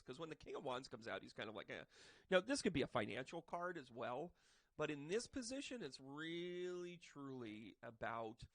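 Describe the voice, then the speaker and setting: A man giving a casual tarot reading to camera, chatty and joking, with bursts of loud emphasis. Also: medium pitch, no echo. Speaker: tarot reader and medium. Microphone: microphone.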